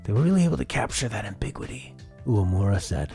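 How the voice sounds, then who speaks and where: A man with a low voice who swings his pitch around a lot as he chats through a live-stream reaction. He reads viewer comments out and answers them in a loose, talkative way, with faint music behind him. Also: big pitch swings, fast, creaky, mellow. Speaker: streamer reacting to a game showcase.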